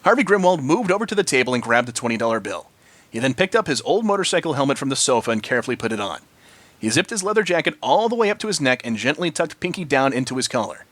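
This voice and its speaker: A man's voice: medium pitch, big pitch swings, fast talker, a bit bright, no echo. A man reading a story aloud, narrating expressively. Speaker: story reader.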